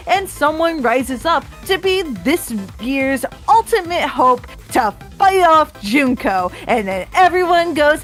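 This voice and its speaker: A woman's voice: high-pitched, fairly bright tone. A woman co-hosting a casual drinking chat, ranting emphatically and swearing freely, slightly tipsy. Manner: emphatic, profane, rants with mocking put-on quotes. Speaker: podcast co-host. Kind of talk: casual chat about a video game.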